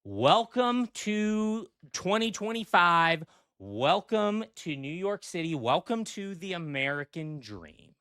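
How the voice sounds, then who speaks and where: A man hosts a comedy podcast, talking slowly with a lively, swooping pitch. He keeps breaking off to riff on his own script, and the sound is close and dry, with no room around it. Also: smooth, no room sound. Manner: digressive, self-interrupting, riffing off a script. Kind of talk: rambling comedic monologue. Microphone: desk mic.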